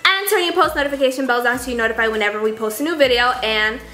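A woman's voice: fairly high pitch, racing, pushed and bright. A woman co-hosting a casual couple vlog at home, bantering playfully with squealing protests between laughs. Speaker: vlogger co-host. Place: living room at home, indoors. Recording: echoey room.

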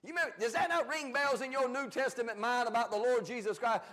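High-voiced man preaching folksy Bible study. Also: fast, hardly any pauses. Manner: folksy, plain-spoken preaching; swings between loud emphatic bursts and quiet asides. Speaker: pastor.

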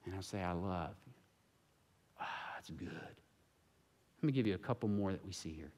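A man's voice: low voice, expressive, normal speed. Impassioned male pastor preaching. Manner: impassioned preaching that swings between hushed and loud. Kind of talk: sermon. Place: church sanctuary.

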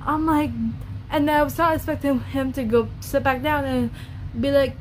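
A woman with a somewhat high voice rants to camera in a casual vlog, blunt and full of cursing. A faint hum of room ambience sits behind her. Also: steady tone, normal speed. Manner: blunt, profane, ranting. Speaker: YouTuber.

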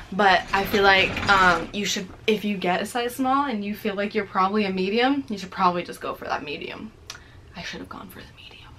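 A woman's voice: mid-range voice, a bit bright, slight background noise. A young woman talking casually and chattily through a clothing try-on haul, rambling and teasing herself, a little out of breath. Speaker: fashion vlogger.

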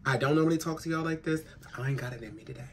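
A woman's voice: very deep voice, very fast. A trans woman vlogging at home, worn out after crying, talking frankly and rambling with plenty of swearing. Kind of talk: casual vlog chat to camera. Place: home in a big city. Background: faint city noise.

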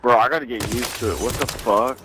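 A man's voice: medium pitch, brisk, noisy background. A man talking with his teammate while playing, startled and swearing. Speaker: teammate of the streamer. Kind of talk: casual chat over game voice comms.

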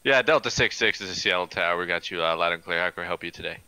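A man acting as air traffic tower controller on a flight simulator voice server, using brisk radio phrasing with jokes. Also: low voice, clean tone, no room sound. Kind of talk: simulated tower radio calls, casual chat. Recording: voice chat over loud sim engine noise.

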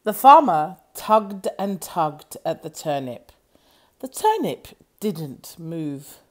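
A woman reading a children's story aloud in an animated storytelling voice. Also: lowish voice. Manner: slow, lively, animated reading.

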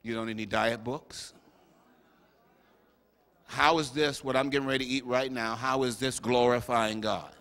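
A man serving as bishop, preaching a sermon to his congregation with animated, humorous asides and acted-out quotes. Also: medium pitch, moderate pace, pauses often. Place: large church sanctuary. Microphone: stage microphone. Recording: live sermon with long hall reverb.

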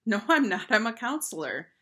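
A patient, kind school counselor speaks in a high, sweet, encouraging voice, as a woman reading a storybook puts her on. Her manner is gentle and warm-hearted toward a difficult child. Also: very animated, normal speed.

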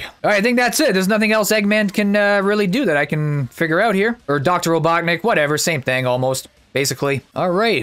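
A man giving casual, excitable gameplay commentary as a YouTuber, chatty and thinking out loud. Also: fairly high pitch, smooth.

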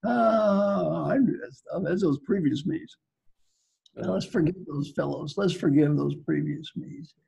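Older male guest speaker from Kentucky, gravelly and raspy, dark tone, playful folksy delivery, video call. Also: fairly high pitch, measured pace, low-quality recording. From Kentucky, United States. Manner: playful, teasing, repeats phrases for effect. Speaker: guest speaker, executive coach. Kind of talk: folksy storytelling talk.

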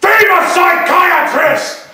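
A teenage boy putting on the voice of a pompous male psychiatrist, talking in slow, puffed-up declarations. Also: sits high, very animated, heavy reverb, far from the mic, heavy background noise. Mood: indignant. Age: teens. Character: pompous male psychiatrist, an impression of a famous one.

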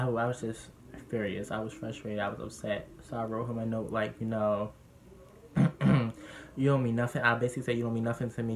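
There's background noise behind this young vlogger, whose voice sits at a medium pitch. He shares a personal story candidly and animatedly, heating up as he repeats what others said.

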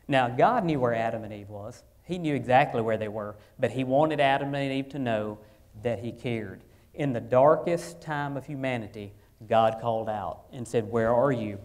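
A pastor delivers his sermon in a medium-pitched man's voice. He leans into key phrases with rising force, then settles back to a quieter, plain tone, often restarting his words as he goes. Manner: earnest preaching, swells louder then drops low, with repeated restarts.

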